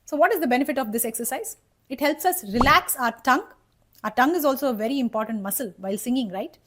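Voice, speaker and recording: Woman voice teacher, fairly high pitch, step-by-step instructional delivery. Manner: checks in with "okay?" and "right?"; explains patiently, step by step. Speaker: voice coach. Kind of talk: instructional singing lesson.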